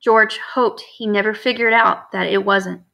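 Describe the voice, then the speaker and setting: A woman narrating a storybook in a clear, steady reading voice. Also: medium pitch, a little slow. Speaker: audiobook narrator.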